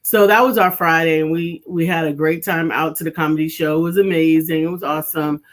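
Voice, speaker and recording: A woman's voice: deep voice, fairly even intonation, fairly quick. A middle-aged woman from New York, co-hosting a casual chat show, upbeat and chatty with frequent laughter. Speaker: podcast co-host.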